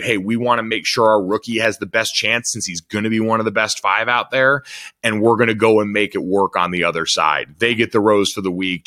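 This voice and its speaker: A man hosts a sports podcast, chatting fluently with the odd filler word. His voice sits low but has a bright, forceful edge. The recording is dry and close. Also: no echo. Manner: conversational, fluent with filler words. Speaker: podcast host.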